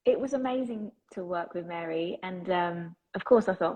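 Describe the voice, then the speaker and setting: A woman's voice: fairly low pitch, normal speed, few pauses, narrow, tinny audio. A woman with an English accent, chatting enthusiastically as an actress being interviewed and laughing often. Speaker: actress guest. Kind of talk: casual interview chat.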